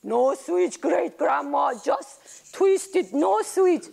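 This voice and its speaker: A woman voicing excited, bossy young great-grandchildren who scold their great-grandmother impatiently. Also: sits high, slow pace, creaky, heavily acted.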